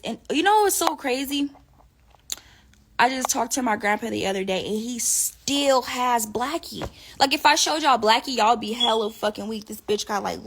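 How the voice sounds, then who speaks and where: Gravelly-voiced woman telling a profane story. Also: a little high, slight background noise. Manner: profane, animated, laughs often. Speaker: live streamer talking to viewers. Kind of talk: casual storytelling.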